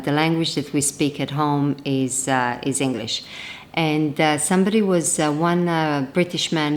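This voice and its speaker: Low-voiced woman chatting to camera. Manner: chatty, rambling with restarts. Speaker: vlogger. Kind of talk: casual chat to camera. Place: home.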